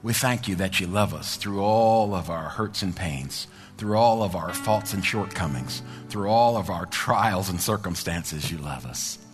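A man's voice: low-pitched, expressive, a little slow, few pauses, faint music behind. A man preaching a sermon, telling a story with fervor and leading a prayer in a church. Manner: fervent storytelling, then quiet prayer. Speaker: pastor.

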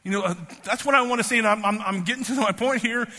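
A man's voice: quick pace, pushed and bright, long reverb tail. A man in his fifties preaching a sermon, emphatic and repetitive, tearful as he rises to fervent peaks. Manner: emphatic, repeats words, rising to fervent pitch.

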